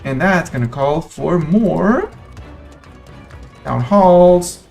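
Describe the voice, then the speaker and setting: Male streamer, chatty and playful, narrating his own moves live; a touch high-pitched, soft music behind. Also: lively intonation, drawn-out words, creaky. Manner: thinks aloud, playful, chats to in-game nations. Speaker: game streamer. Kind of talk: casual live gameplay commentary.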